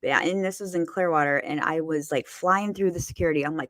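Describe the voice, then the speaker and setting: A woman hosting a podcast, talking in a blunt, profane, animated way as she tells stories. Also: deep voice, very fast, hardly any pauses, no echo, clean studio sound. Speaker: podcast host. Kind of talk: casual chat.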